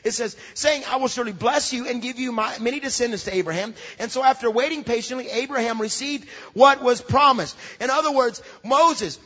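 A pastor preaching a sermon, moving from quiet storytelling to emphatic shouts. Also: male voice, very high voice. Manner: emphatic preaching that swings from soft asides to shouts. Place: large church hall. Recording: dull lo-fi recording with long hall reverb.

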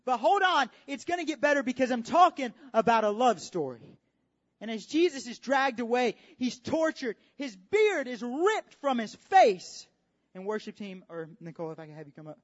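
A preacher delivering a dramatic sermon, repeating phrases for emphasis and swinging from hushed tones to shouts, recorded at a church service. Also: mid-range voice, very animated, moderate pace. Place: church service with worship team. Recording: dull lo-fi audio with faint music.

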